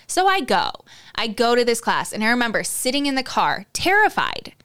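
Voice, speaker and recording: A woman's voice: on the high side, wildly swooping pitch, moderate pace, fairly bright tone, smooth. A woman hosting a solo podcast, telling a story in a candid, chatty way. She swears freely, uses lots of "like" fillers, and talks straight to her listeners. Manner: confiding, addresses listeners directly. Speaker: podcast host.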